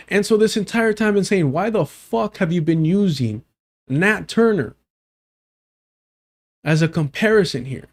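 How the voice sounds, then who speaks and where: A man's voice: sits high, darkish tone. A man hosting a reaction commentary, ranting incredulously and swearing a lot. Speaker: commentary channel host.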